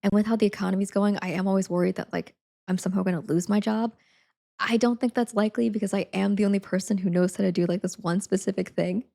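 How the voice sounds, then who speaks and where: A woman's voice: medium pitch, steady tone, fast, vocal fry, mellow. A young woman streamer chatting casually, rambling with lots of fillers and frequent giggles. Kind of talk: casual chat.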